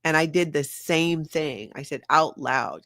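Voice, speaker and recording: A woman's voice: sits low, measured pace, a bit bright, no echo, studio quality. Chatty older woman hosting a livestream. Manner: chatty, laughs often, reads viewer comments aloud. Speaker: livestream host. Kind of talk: casual livestream chat.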